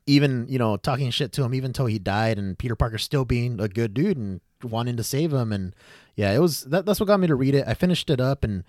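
A young adult man hosting a podcast, chatting excitedly and rambling, with lots of fillers and swearing. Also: medium pitch, quick pace, dry recording, studio quality. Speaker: podcast host. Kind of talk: casual chat.

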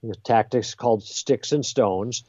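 A man guest on a podcast, explaining ideas in a lively conversational way and acting out exchanges. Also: medium pitch, unhurried, no room sound, highs cut off. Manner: lively, role-plays exchanges with emphasis. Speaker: guest author.

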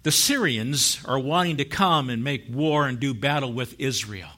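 A man preaching a sermon who tells stories, laughs often, and swings from low and soft to loud and high. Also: expressive, moderate pace. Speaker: pastor.

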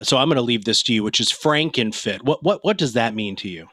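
A man's voice: medium pitch, expressive, brisk, sharp tone, no echo, studio quality. Blunt, emphatic podcast co-host man. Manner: blunt, emphatic, lecturing the listener. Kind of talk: casual podcast conversation.

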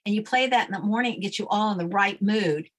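A woman's voice: medium pitch, fast talker. A woman guest coach giving confident, matter-of-fact instructions in an interview.

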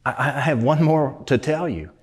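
A man voicing a glum grown man in a joke story who complains about his inheritances, his voice climbing high when he whines. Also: moderate pace, lightly acted.

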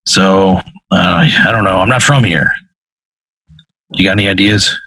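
A man's voice: sits low, a little slow, sharp tone, slightly rough, dry recording, full character voice. A man voicing a crude, laid-back male stoner demon from hell in a tabletop role-play, with a casual, drawling way of talking.

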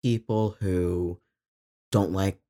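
A man's voice: sits low, steady tone, drawn-out words, dark tone. Earnest man co-hosting a podcast. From Texas. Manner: earnest, reflective, trails off and restarts mid-thought. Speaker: podcast co-host. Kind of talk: casual podcast chat.

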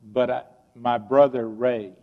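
A man's voice: mid-range voice, steady tone, takes it slowly. An older man, a pastor, preaching an earnest, personal sermon to his congregation in a church sanctuary. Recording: dull, long-reverb church recording.

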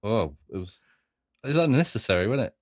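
A man's voice: lowish voice, very animated, brisk. A man co-hosting a podcast, chatting casually about films, laughing often and chiming in with quips. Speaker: podcast co-host. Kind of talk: casual film-review chat.

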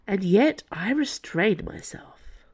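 The narrator voicing a sardonic alien lord who mocks his captors in a slow drawl. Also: mid-range voice, lively intonation, darkish tone, breathy edge, voice pushed up. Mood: mocking. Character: shape-shifting alien lord, mocking and sly.

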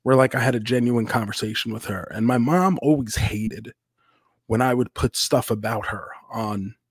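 A man talking candidly on a podcast, swearing freely and acting out quotes in a raised voice. His pitch sits in the middle for a man. The sound is dry and close, with no room around it. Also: steady tone, normal speed, breathy edge, no room sound. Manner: candid and profane, swings into loud re-enacted quotes. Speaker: podcast co-host. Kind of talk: casual podcast chat.

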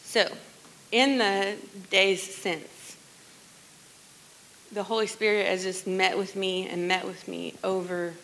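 A middle-aged woman sharing a personal testimony in church, earnest and conversational, often dropping to a hushed voice. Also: medium pitch, flat delivery, slow pace, creaky, pauses often, low-quality recording. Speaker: worship leader sharing testimony.

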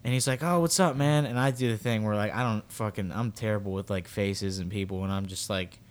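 A man's voice: lowish voice, level tone, fairly quick. A young man co-hosting a podcast, telling a long story in a rambling, casual way with lots of fillers and acted quotes. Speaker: podcast co-host.

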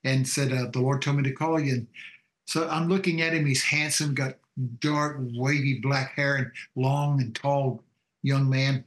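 A man's voice: medium pitch, steady tone, a little slow, roomy sound. A man, a pastor telling a testimony and preaching in a folksy, fervent cadence. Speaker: pastor and show guest. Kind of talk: preaching testimony on a call-in show.

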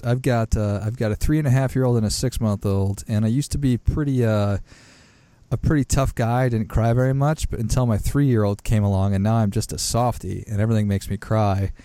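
A man's voice: medium pitch, steady tone, normal speed, mellow, dry recording. A man in his thirties hosting an interview, stammering and repeating words as he works out his question. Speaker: interview host. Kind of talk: conversational interview.

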